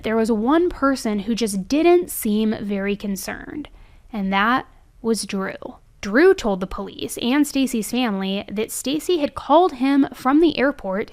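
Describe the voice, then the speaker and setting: A young woman with a fairly high voice tells a true crime story as if talking to a friend. Her delivery is chatty and conversational, and she keeps checking in with little asides. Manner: chatty, leaning on "right?" and "I mean".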